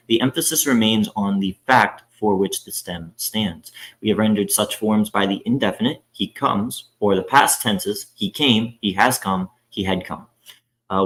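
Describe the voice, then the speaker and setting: Man, low voice, reading scripture aloud, careful and halting, with hesitant fillers. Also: a bit bright, poor audio. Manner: careful reading with frequent "uh" fillers and self-corrections. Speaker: scripture reader. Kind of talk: reading a Bible introduction aloud.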